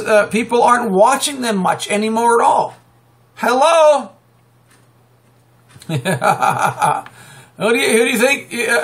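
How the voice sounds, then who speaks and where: A man preaching off the cuff, rambling and emphatic, breaking into sudden loud outbursts and chuckles. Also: very high voice. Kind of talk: fiery unscripted preaching monologue.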